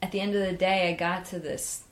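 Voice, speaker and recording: A young woman, an interview guest, tells a casual story in a loose, animated way, full of "like" fillers and trailing restarts. Her fairly quick voice sits a little low but jumps high whenever she acts out her own excited reactions.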